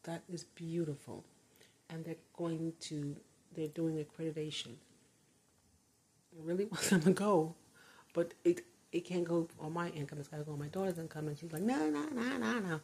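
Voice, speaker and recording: Older woman, low husky voice, casual chat, frequent laughs, home bedroom. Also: fairly even intonation, moderate pace, darkish tone. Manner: chatty, laughs often, trails off and restarts. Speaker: vlogger. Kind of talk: rambling casual monologue. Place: her bedroom, door closed.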